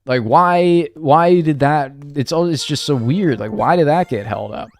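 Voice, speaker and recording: A man's voice: a little high, measured pace. A man chatting casually on a live stream, rambling and joking at his own expense. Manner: rambling, joking, self-mocking.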